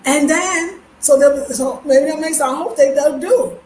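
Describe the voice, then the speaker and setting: High-voiced woman preaching to her viewers. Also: measured pace, darkish tone, echoey room, slight background noise, low-quality recording. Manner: emphatic, preachy, addresses viewers as y'all. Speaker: vlogger. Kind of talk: casual testimony to viewers. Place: indoor room.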